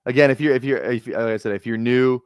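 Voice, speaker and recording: A man from Minnesota chatting casually on a live stream while drafting fantasy football, rambling into excitable, profane rants full of filler words. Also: mid-range voice, quick pace, smooth, no room sound, clean studio sound. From Minnesota, USA.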